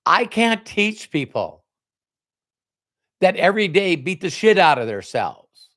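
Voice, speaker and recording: A man's voice: fairly high pitch, sing-song, normal speed, a bit bright. A man giving a motivational talk, telling a personal story with emphatic quoted dialogue. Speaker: motivational speaker.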